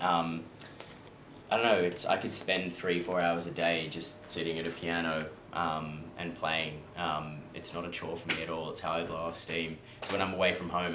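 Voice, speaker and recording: A young Australian man, an actor being interviewed, answering casually and easygoingly with frequent ums. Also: low-pitched. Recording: echoey room with faint noise.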